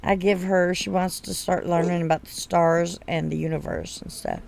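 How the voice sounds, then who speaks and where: A woman in her thirties, a gaming streamer telling a story casually over gameplay, blunt and quick to swear. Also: on the low side, fairly even intonation, creaky, darkish tone, a little hiss or hum.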